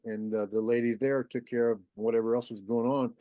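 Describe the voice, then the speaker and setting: A man's voice: medium pitch, quick pace, hardly any pauses, no room sound, clean studio sound. A man, a guest, telling a story in a casual way and acting out the voices he quotes. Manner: animated, acts out quoted voices.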